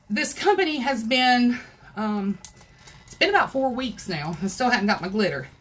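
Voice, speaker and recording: A chatty woman, talking her viewers through a craft project from home. Her voice sits a little high, and she keeps up a friendly running commentary. Faint ambient noise hums behind her. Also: lively intonation, normal speed, fairly bright tone. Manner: chatty, talks straight to viewers as "y'all". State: out of breath. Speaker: crafting tutorial host. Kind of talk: casual live tutorial chat.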